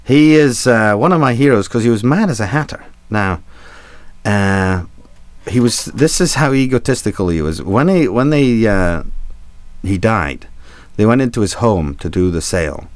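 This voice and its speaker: A man's voice: on the low side, animated, normal speed, dry recording. A man, a sailing trip guide, telling a rambling, irreverent anecdote full of fillers and asides. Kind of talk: anecdotal storytelling.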